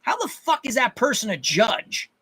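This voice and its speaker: An angry man rants to his viewers in a high, bright voice. He swears a lot, restarts sentences and hammers the same point again and again. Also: wildly swooping pitch, normal speed, breathy edge. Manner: angry, profane, repeats himself in bursts. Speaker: channel host. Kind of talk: ranting monologue to viewers.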